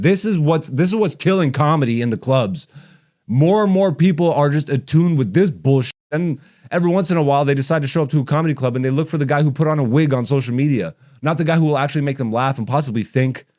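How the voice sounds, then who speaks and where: A man's voice: mid-range voice, darkish tone. A man in his thirties, a comedian hosting his podcast, ranting bluntly and profanely while gaming.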